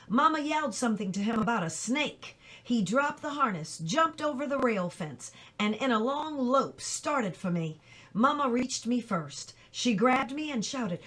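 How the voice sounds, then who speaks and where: A woman reads a novel chapter aloud at a steady storytelling pace. Her voice sits a touch above middle pitch for a woman. She stumbles now and then and corrects herself without fuss. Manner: plain, steady storytelling with small slips. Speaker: reader.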